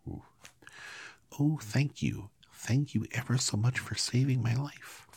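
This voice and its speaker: A man doing a squeaky mouse queen. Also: measured pace, creaky, a little mellow, husky, dry recording. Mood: grateful. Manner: high, indignant, regal. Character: squeaky tiny proud mouse queen, female.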